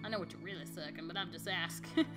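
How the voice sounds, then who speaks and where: A woman's voice: fairly low pitch, fast, voice pushed down, lightly acted. A woman voicing a sarcastic, teasing teenage daughter with a dry delivery, over faint music.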